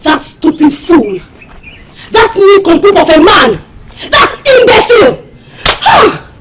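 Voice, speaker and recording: A fiery, high-voiced young woman. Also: big pitch swings, normal speed, heavy background noise. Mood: indignant. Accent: Nigerian. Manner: scornful, shouting. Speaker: young woman confronting a suitor.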